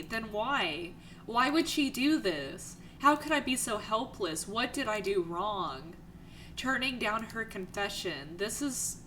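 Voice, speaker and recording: Slow, bright-voiced young woman. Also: on the high side, a little hiss or hum, low-quality recording. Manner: reads the game's text aloud between her own reactions. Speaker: let's play host. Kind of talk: let's play commentary.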